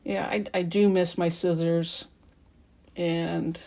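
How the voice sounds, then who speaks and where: Here a middle-aged woman with a warm, lowish voice chats on in a rambling way, working at her quilting in the sewing room. She takes it slowly with little pitch movement, while a sewing machine hums faintly amid slight background noise.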